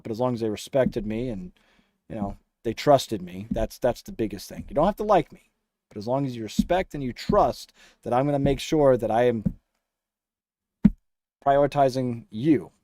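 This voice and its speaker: Young male streamer, mellow dark tone, close dry mic, teasing and laid-back. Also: mid-range voice, no room sound. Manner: joking, teasing viewers, laughs often. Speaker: livestream host reading chat. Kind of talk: casual livestream chat.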